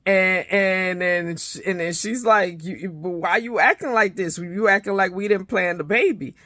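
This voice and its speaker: A woman's voice: on the low side, moderate pace, pushed and bright, no echo, clean studio sound. A woman giving a casual, profane recap of a reality show episode, retelling scenes animatedly with many restarts. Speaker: reality TV reviewer.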